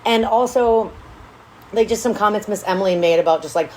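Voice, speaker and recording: A woman co-hosting a casual book-recap podcast, swearing freely and acting out the characters in quick quotes. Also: medium pitch, low-quality recording. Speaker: podcast co-host.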